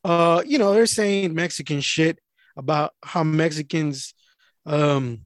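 A man's voice: fairly high pitch, takes it slowly, no room sound, studio quality. A man telling a profane story in casual chat, acting out the people he quotes. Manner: animated, acts out the people he quotes.

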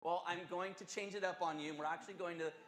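High-voiced pastor preaching in an echoey hall. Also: male voice, quick pace. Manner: animated, conversational, earnest. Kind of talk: sermon with storytelling.

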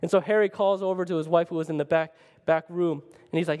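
Male pastor, sermon storytelling, animated and chatty, somewhat high voice, long church-hall reverb. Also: fast, hardly any pauses. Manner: animated, conversational, keeps asking "right?".

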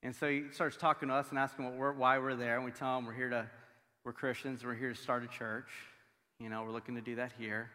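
Bright-voiced pastor preaching in a hall. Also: male voice, medium pitch, quick pace. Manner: conversational, filler-heavy, animated storytelling. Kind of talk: sermon with humorous family stories. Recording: long hall reverb.

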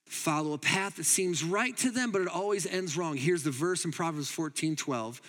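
A man preaching a sermon as pastor, emphatic, moving between loud urging and quiet asides. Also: fairly high pitch, lively intonation, normal speed, few pauses, big-room sound. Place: church hall.

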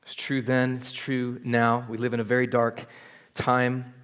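A man's voice: medium pitch, completely flat delivery, measured pace, fairly bright tone, clear, resonant tone. A man preaching a sermon at a church service, earnest and building to urgent appeals. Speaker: pastor.

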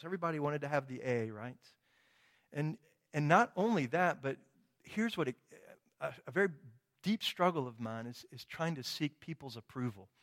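A middle-aged man preaching a sermon, telling a personal story with quoted dialogue and frequent tag questions. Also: mid-range voice. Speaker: pastor.

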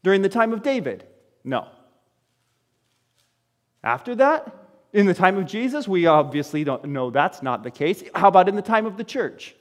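A man preaching a sermon to his congregation, firing off rhetorical questions and swinging between loud exclamations and quiet, low asides. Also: very animated, normal speed, long pauses, big-room sound. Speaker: pastor.

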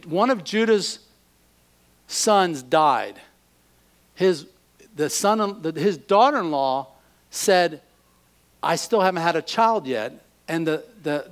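A man with a fairly high-pitched voice preaches a sermon in an animated way, acting out the voices of the people he quotes.

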